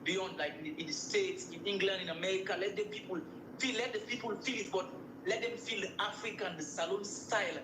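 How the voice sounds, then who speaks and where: A man's voice: high voice, brisk, reverberant, background noise. A man from Sierra Leone with a Sierra Leonean accent, a musician guest in a casual interview, often repeating phrases as he explains.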